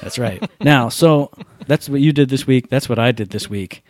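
A man co-hosting a podcast, chatting in a relaxed, joking way. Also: medium pitch, normal speed, no room sound, clean studio sound. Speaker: podcast co-host. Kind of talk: casual chat.

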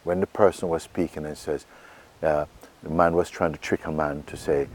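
A man giving a spiritual talk to a gathering, asking questions and answering them himself and softly repeating phrases. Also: a bass voice, steady tone, moderate pace, a little hiss or hum. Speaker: spiritual teacher.

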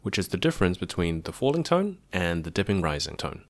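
A man hosting a podcast, explaining a language in a clear, methodical way with dry asides. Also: sits low, sing-song, fairly quick, no echo. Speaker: podcast host teaching about a language.

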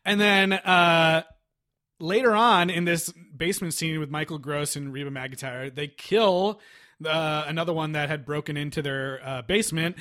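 A man's voice: fairly high pitch, normal speed, bright, forceful tone. A man hosting a casual movie chat who laughs often and retells scenes with energy.

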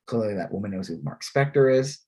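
A man's voice: fairly low pitch, expressive, fairly quick, a little mellow. A man co-hosting a podcast in casual chat, rambling with many fillers and frequent laughs. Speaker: podcast co-host.

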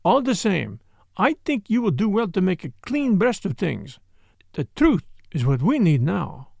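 Brief: reader as courteous elderly detective, gentle, gravelly edge, dry mic. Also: male voice, high voice, sing-song, measured pace, dry recording, exaggerated voice. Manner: gentle, formal phrasing. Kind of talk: audiobook character reading.

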